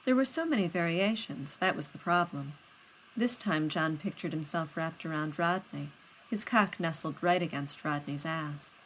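A woman with a lowish voice reads fiction aloud in a steady, unhurried way. It is plain audiobook narration with a faint hiss behind it. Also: low-quality recording. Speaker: reader.

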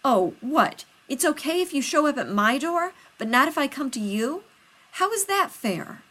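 A woman reading aloud voices an agitated man who speaks low and fast, strangled and pushy. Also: lively intonation, fairly bright tone, slightly rough, full character voice. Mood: indignant.

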